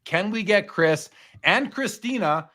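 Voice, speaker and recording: A man's voice: high-pitched, lively intonation, a little slow, bright, forceful tone. A man hosting a casual podcast chat, talking loosely and restarting his sentences often. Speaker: podcast host.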